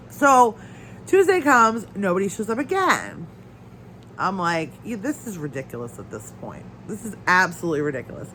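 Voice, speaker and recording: A crafting channel host chats casually at home while crafting, her medium-pitched voice sharp in tone. Stuffy-nosed and coughing, she goes off on a rambling rant like a storyteller who can't stop. The low-quality recording carries a little hiss or hum.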